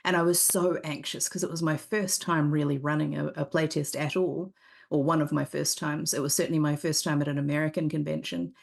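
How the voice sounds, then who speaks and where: Guest read: woman game designer, low and gravelly, candid rambling chat. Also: little pitch movement, fairly quick. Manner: candid, rambling storyteller with many restarts. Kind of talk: casual interview chat. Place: live convention stream set.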